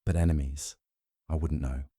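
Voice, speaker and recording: A man voicing a shaken, wary young noblewoman who answers in a hesitant, halting way in an audiobook. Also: very deep voice, fairly even intonation, mellow, husky, dry recording, studio quality. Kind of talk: audiobook narration.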